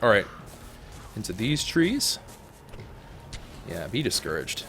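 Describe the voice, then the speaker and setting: A young man commenting on his own gameplay with a jumpy, animated voice that leaps high when things go wrong. He jokes and talks to the creatures on his screen. A faint hum of ambience sits under him. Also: a little fast, long pauses. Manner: excitable, jokey, talks to the animals. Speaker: gaming YouTuber. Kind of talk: let's play commentary.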